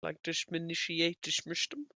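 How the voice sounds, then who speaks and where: Man, bright tense voice, dry close sound, casual commentary. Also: a little high, moderate pace, creaky, no echo. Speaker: podcast co-host. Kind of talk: casual film commentary chat.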